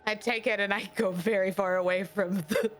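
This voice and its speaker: A woman's voice: medium pitch, fairly even intonation, a little fast, natural voice. A woman voicing a jittery young woman adventurer who carries a cleaver, in a tabletop role-play, talking nervously and hesitantly.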